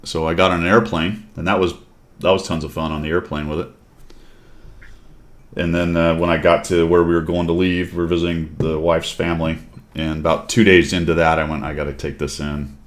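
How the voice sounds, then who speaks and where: A man with a very deep voice hosts a casual stream chat. He tells stories at an unhurried, laid-back pace. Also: flat delivery. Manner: laid-back anecdotal storytelling. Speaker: streamer host.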